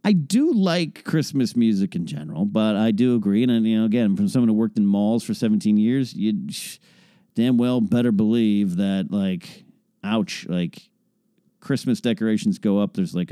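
A man's voice: fairly low pitch, expressive, normal speed, dark tone, no room sound, clean studio sound. A man hosting a podcast, chatting casually through listener questions in a rambling, wry way that often breaks off and restarts. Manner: rambling, self-interrupting and wry. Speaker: podcast host.

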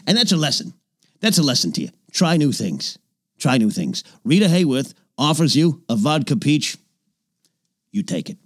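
A man in character as an aging, boastful old-Hollywood film producer who hosts a comedy podcast, rambling and name-dropping, sometimes dropping into low confidential mutters. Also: very animated, moderate pace, dry recording, studio quality. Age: older. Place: small home recording nook.

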